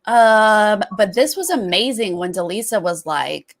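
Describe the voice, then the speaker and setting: A woman's voice: medium pitch, lively intonation, unhurried. Wry woman host recapping reality TV. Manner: wry, dismissive asides. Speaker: podcast host. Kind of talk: casual reality TV recap chat.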